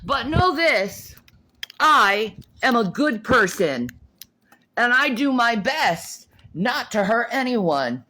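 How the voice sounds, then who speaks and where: A woman's voice: a little high, sing-song, takes it slowly, bright, forceful tone, slight background noise. A middle-aged woman ranting on a livestream, swearing and confrontational, often repeating words and restarting her sentences. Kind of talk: livestream rant.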